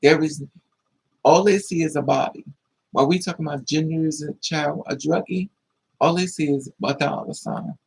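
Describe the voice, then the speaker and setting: A man with a husky, gravelly voice that sits a little high tells a personal story to his live viewers. He talks casually and bluntly, swears freely and speaks with a lot of feeling. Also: moderate pace, darkish tone, low-quality recording. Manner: blunt, profane, emotional storytelling. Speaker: livestream host.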